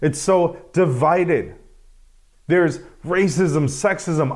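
A man's voice: on the high side, normal speed. Conversational male pastor preaching. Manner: conversational, self-deprecating, many restarts. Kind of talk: sermon.

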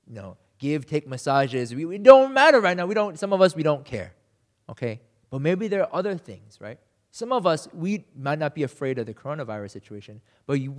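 A man's voice: mid-range voice, big-room sound. A man preaching a sermon in a conversational way, often checking in with "right?" and acting out quoted voices. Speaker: pastor.

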